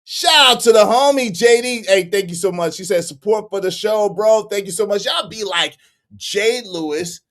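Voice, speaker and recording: A man's voice: high-pitched, normal speed. A man hosting a live stream, reading out donations and teasing his chat, laughing often and repeating phrases.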